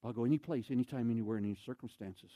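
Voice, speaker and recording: A man telling a story in a sermon as an evangelist, animated, with loud exclamations and quoted voices. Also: mid-range voice, rapid-fire, no room sound.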